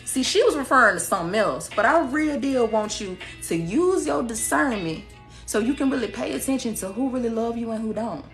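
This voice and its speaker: A woman's voice: fairly high pitch, expressive, brisk, faint music behind. Sassy blunt woman giving a reading. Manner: sassy, blunt, laughs often, acts out quoted people. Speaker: tarot reader. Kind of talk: casual spiritual reading to viewers.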